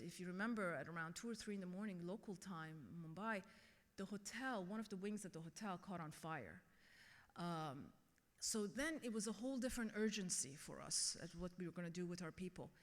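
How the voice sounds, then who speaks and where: A woman's voice: mid-range voice, a little fast. A middle-aged woman giving a keynote speech and telling a personal story earnestly. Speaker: keynote speaker. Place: conference hall. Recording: long reverb of a large hall.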